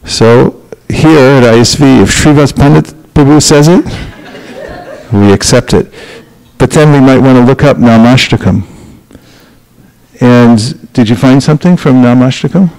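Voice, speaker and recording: A man with a gravelly, creaky voice at a medium pitch, teaching a scripture class. He talks directly and coaches his students, pushing them to speak with authority. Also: measured pace, a little mellow, poor audio. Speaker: spiritual teacher leading a class.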